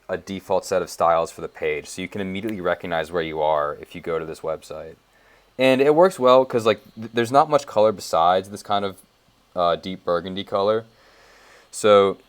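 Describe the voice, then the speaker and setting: A young man casually thinking aloud as he walks through his code in a tutorial, with lots of fillers and side remarks. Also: deep voice. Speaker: web developer. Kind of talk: casual screencast coding tutorial.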